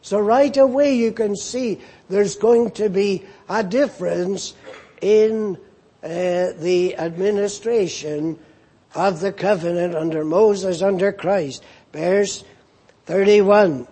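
Male preacher, high husky voice, unhurried Bible teaching with repeated key phrases. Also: mellow. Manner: slow, deliberate, repeats phrases for emphasis. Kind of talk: sermon, Bible exposition.

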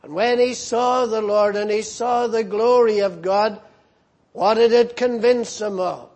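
A man preaching a sermon, slow and emphatic, repeating his phrases for weight. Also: high-pitched, fairly even intonation, a little mellow.

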